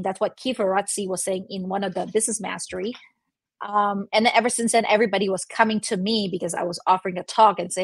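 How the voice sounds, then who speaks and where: A woman's voice: medium pitch, steady tone, quick pace, fairly bright tone, no echo. Woman guest, chatty, fillers, dry close mic. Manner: chatty, many "you know" and "right?", laughs often. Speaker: guest, delegation expert. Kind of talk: conversational interview.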